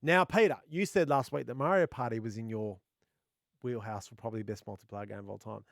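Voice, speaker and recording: A man co-hosting a gaming podcast in casual, jokey chat, laughing often, his voice a little rough from the laughter. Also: mid-range voice, quick pace, no room sound, studio quality. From Australia. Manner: jokey, laughs often, bloke-ish banter. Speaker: podcast co-host.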